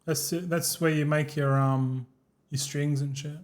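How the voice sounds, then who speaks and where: A man's voice: on the high side, steady tone, a little slow. An Australian man in his thirties chatting casually while streaming a game, rambling and swearing freely with frequent laughs.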